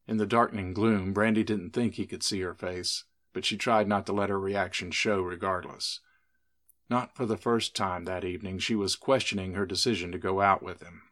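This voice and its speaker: A man narrating a scripted spooky story in a steady, measured reading. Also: low voice.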